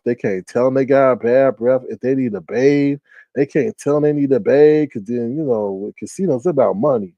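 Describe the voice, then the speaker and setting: A man hosting a casual live stream, talking to his chat with drawn-out "ooh, child" asides and sudden shrieking exclamations. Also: dry recording, highs cut off. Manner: animated, with shrieking high exclamations and laughter.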